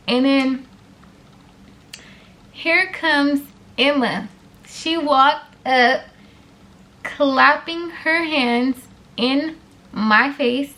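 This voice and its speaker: A young woman casually telling a story on her vlog, animated and blunt with plenty of swearing. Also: high-pitched, slow, long pauses. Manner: animated, blunt, heavy profanity.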